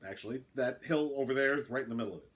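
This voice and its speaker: A man's voice: medium pitch, racing, close to an everyday voice. A man voicing a brash, sarcastic male alien who announces a game, talking in a flippant, impatient way.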